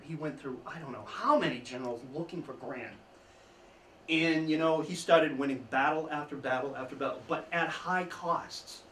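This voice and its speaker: Man telling history in an echoey room. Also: on the high side. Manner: storytelling, chuckling asides, lively emphasis. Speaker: history speaker. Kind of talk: informal history talk to an audience. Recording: echoey room, mic at a distance, faint background noise.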